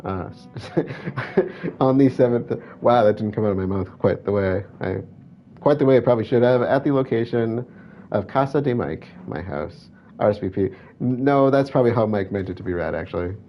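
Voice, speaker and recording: A man's voice: fairly low pitch, animated, fairly quick. A man chatting casually while playing a horror video game, reading game text aloud and correcting himself as he goes. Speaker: gameplay commentator. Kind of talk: let's play commentary. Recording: dull lo-fi with faint hiss.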